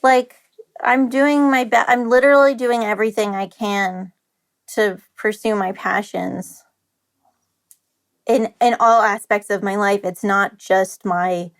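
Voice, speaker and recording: Woman, podcast guest, candid, emotional, nervous, near tears, talks in restarts, mid-pitched voice. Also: little pitch movement, measured pace. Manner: emotional and open, lots of "like" and restarts. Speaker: guest, company founder.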